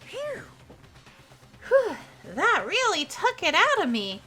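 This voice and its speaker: A woman's voice: very high voice, wildly swooping pitch, slow, pushed and bright, exaggerated voice. An actress voicing a peppy, food-obsessed young woman athlete in a game, bubbly and emphatic. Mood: chirpy. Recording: game audio with faint music.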